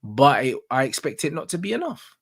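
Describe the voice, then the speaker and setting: A man's voice: mid-range voice, very animated, fairly quick, breathy edge. A man with a London accent ranting about football in casual chat, emphatic and repeating himself. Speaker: football pundit.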